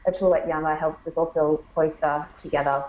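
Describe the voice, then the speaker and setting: A woman's voice: low voice, fairly even intonation, brisk, darkish tone, reverberant, low-quality recording. A woman founder answering interview questions in a friendly, explanatory way, with frequent ums and restarts. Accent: has an accent she remarks on. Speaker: startup founder, interview guest. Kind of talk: conference interview, casual business talk. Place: conference venue.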